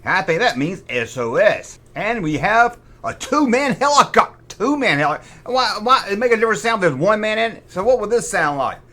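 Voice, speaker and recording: A middle-aged toy collector hosts a jokey toy review in a rather high, bright voice, swooping up and down constantly with big pitch swings. He tosses off sarcastic asides and makes his own sound effects in a playful tone, talking a little fast and hardly pausing.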